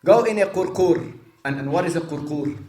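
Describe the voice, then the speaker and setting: A man with a fairly high voice retells a religious story to listeners. He repeats himself for emphasis, stops to explain Arabic words and puts questions to the room. The room gives his voice a roomy echo. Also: moderate pace, mellow.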